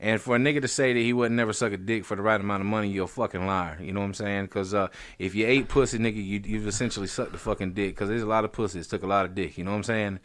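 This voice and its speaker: A man's voice: on the low side, steady tone, very fast, few pauses, a bit bright, no echo. A man hosting a podcast in casual chat, talking in a profane, rambling, emphatic way. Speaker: podcast host.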